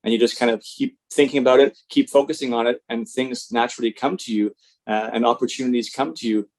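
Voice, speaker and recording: A man's voice: mid-range voice, steady tone, quick pace, darkish tone. A man hosting a podcast, easygoing and conversational. He circles around his point with restarts and loose phrasing before landing on his question. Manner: rambling, restarts often. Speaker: podcast host. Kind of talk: conversational interview.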